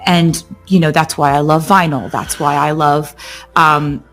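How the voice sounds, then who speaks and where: A woman singer, a podcast guest, telling stories in a casual, animated way with many fillers like "like" and "um.". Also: low-pitched, measured pace, faint music behind. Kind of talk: casual chat.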